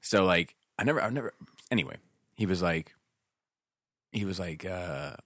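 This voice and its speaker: Animated low-voiced man telling stories. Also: moderate pace, no echo, clean studio sound. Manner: animated, profane, acts out quotes in raised voices. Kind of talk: casual storytelling chat.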